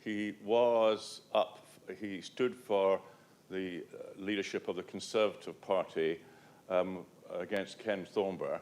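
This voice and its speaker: A man with a low voice delivers a tribute at a council meeting. His speech is measured and halting, filled with ums and uhs. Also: fairly even intonation, darkish tone.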